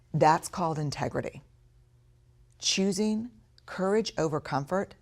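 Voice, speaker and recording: A woman with a low, grounded voice speaks to an audience, telling candid stories from her working life. She talks frankly and brings them to life by acting out her own inner voice. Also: darkish tone. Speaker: speaker on courage and leadership. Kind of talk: storytelling talk to an audience.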